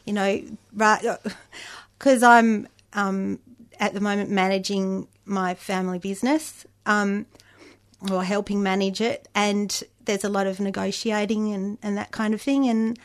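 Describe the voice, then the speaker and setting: A woman with a higher-pitched voice, a panel guest talking hesitantly with many pauses and restarts. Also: little pitch movement. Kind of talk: casual discussion.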